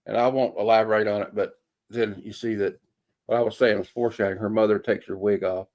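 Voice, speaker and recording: A man's voice: lowish voice, fairly even intonation, fast talker, a little mellow. Rambling, folksy man reviewing comics. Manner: rambling, hesitant with many fillers; folksy sayings.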